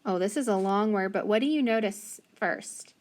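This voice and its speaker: A woman teaching a phonics lesson, slowly and patiently sounding out letters and syllables. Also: medium pitch, darkish tone.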